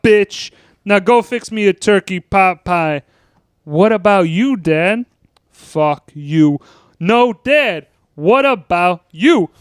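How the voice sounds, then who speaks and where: A man's voice: high-pitched, clear, resonant tone, no room sound, clean studio sound, voice pushed up. A man acting out a mocking teenage boy who imitates his parents and himself, sarcastic, switching between sugary and abusive voices.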